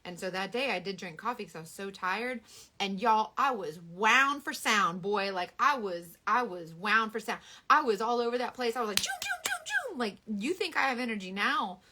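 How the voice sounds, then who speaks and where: Bright, lively woman chatting casually. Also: medium pitch, normal speed, slight background noise. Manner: animated, dramatic, Southern US sayings. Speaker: beauty seller on a live stream. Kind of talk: casual chat.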